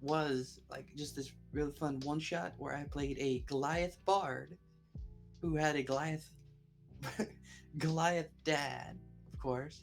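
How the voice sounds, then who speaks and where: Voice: medium pitch, fairly even intonation, slow, gravelly. A podcast co-host chatting casually. The talk rambles and keeps breaking into giggles. Faint music sits underneath. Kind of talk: casual chat.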